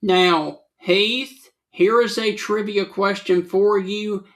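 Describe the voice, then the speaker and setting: A man's voice: high-pitched, fairly even intonation, slow pace, fairly bright tone. A man co-hosting a casual talk show, reading trivia and giving terse, matter-of-fact answers. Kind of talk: casual chat.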